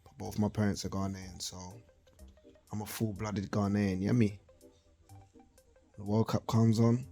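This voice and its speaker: A young father chatting playfully to camera at home, with lots of slang, sometimes murmuring softly by a sleeping baby. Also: lowish voice, level tone, measured pace, vocal fry, pauses often, faint music behind. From Britain. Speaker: vlog host, father. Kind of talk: casual chat to camera.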